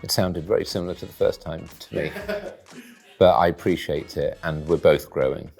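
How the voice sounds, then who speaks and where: Deadpan man with a low, husky voice, dry and wordy, in a studio. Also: moderate pace, soft background music. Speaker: guest taste-testing food. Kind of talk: deadpan comic commentary.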